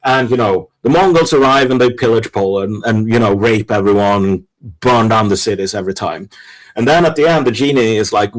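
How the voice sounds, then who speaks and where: A man talking casually on a podcast panel, blunt and profane, telling jokes in quick bursts. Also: fairly low pitch, rough recording.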